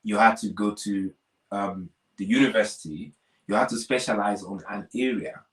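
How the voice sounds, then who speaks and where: A man's voice: on the low side, normal speed, fairly bright tone, echoey room, recorded from a distance. A man co-hosting a relationship talk, making earnest points through examples and repetition. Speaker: co-host of a relationship talk show. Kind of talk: conversational discussion.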